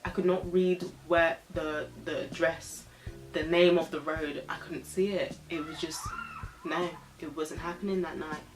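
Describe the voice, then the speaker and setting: A woman's voice: deep voice, steady tone, measured pace, music in the background. A young woman vlogger telling a story in casual chat, frank and chatty, swearing freely and sipping a drink as she talks. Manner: sipping a drink while talking.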